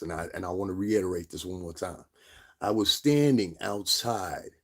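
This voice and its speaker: Gravelly low-voiced man ranting. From Connecticut. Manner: profane, preachy, mimics others in high voice. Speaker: vlogger. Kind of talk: angry storytelling rant.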